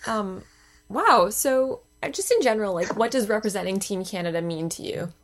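A woman's voice: medium pitch, lively intonation, normal speed. A young woman student sports writer asking interview questions in a friendly, hesitant way with many ums.

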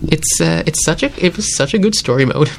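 Fast-talking young adult with slight accent. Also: mid-range voice, expressive, creaky, crowd noise. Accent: slight foreign accent. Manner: rambling, full of "like" fillers. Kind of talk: casual chat.

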